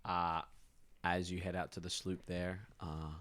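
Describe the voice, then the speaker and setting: A man with a very low voice runs a tabletop game. He describes the scene in a relaxed, loose way, pausing with fillers as he goes. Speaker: game master.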